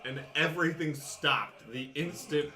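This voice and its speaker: Game master guy, bright voice, slightly high, chatty scene descriptions. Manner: casual, descriptive, quick to laugh. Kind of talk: narrating a tabletop game.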